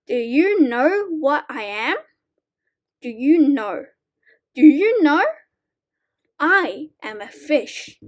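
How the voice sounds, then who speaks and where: Woman teacher, high voice, very slow and clear, reading sight word poems to young kids. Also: animated.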